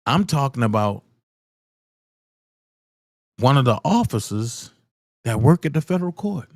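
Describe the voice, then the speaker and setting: A live-stream commentator who talks slowly and deliberately, driving points home with repeated rhetorical questions and blunt, profane asides. The pitch swings widely from phrase to phrase, and the voice is heard close up and dry, with no room sound. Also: very animated, darkish tone, dry recording.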